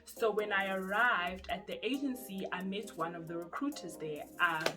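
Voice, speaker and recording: A woman's voice: mid-range voice, normal speed. Chatty young South African woman. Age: young adult. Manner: chatty and animated, acts out quoted voices. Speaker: YouTuber. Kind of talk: casual storytelling vlog. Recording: music playing underneath.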